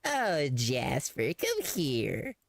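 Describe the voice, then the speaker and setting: A man putting on a drawn-out, sing-song baby-talk voice to coo at his cat, in a played stream clip. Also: medium pitch, wildly swooping pitch, creaky, exaggerated voice.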